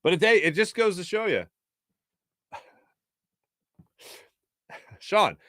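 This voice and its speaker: Lively, joking sports talk host. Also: male voice, high-pitched, drawn-out words, long pauses, dry recording, clean studio sound. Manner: playful, animated, jokey. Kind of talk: live sports talk, reading viewer comments.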